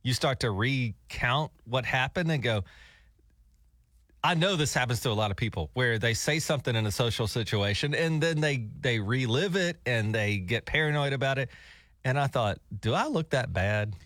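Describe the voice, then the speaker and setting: A man's voice: medium pitch, animated, moderate pace, a bit bright, no echo, studio quality. A middle-aged man hosting a morning radio show, telling a story in a rambling, self-deprecating way. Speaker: radio host. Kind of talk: casual morning radio banter. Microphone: studio microphone.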